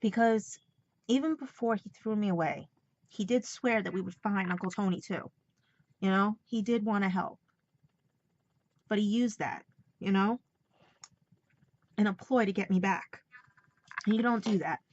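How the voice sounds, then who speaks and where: A woman with a New York accent speaks in a rambling, emotional personal vlog, fighting back tears as she talks. Her voice sits at a middle pitch. The recording is dull and lo-fi. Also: unhurried, long pauses. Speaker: vlogger.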